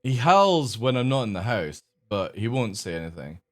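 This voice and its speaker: A man streaming live, chatting casually to his viewers and coaxing his dogs with a high sing-song voice. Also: big pitch swings, normal speed.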